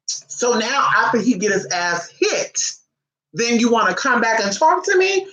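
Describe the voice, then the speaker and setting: Young adult woman, casual storyteller, profane and animated, bright tone, roomy echo. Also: fairly high pitch, unhurried. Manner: animated, profane, acts out quotes in shifting voices. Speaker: vlogger. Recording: echoey room.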